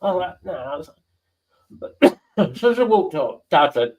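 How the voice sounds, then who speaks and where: A man's voice: high-pitched, a little fast, rough recording. A man who hosts a casual stream chat and tells blunt, swearing stories. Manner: swearing, blunt, animated storyteller. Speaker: stream host.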